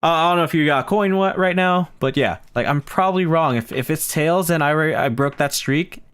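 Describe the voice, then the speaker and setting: A man's voice: on the high side, a little fast, a bit bright, smooth. A young man streamer with a Filipino and Bay Area accent, rambling casually through his plans with lots of ums and restarts. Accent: Filipino and Bay Area blend. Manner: rambling, chatty, many ums and self-corrections. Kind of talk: casual live-stream planning chat.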